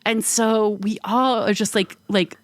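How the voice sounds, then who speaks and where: A woman co-hosting a podcast, telling a casual story full of "like" fillers and acting out quoted voices with big jumps in pitch. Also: steady tone, a little slow, dry recording. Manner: frequent "like" fillers. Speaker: podcast co-host.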